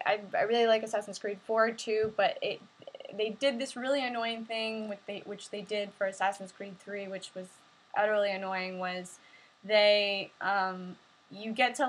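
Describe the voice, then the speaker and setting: A woman's voice: medium pitch, fairly bright tone, poor audio. Chatty young woman on a live stream. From New Jersey. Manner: chatty, rambling, many fillers and restarts. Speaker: host answering viewer questions. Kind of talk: casual live-stream chat.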